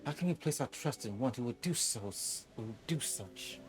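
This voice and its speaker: Brief: proud, smug game general, calm and superior; a male streamer reads her. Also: mid-range voice, moderate pace, over music, lightly acted.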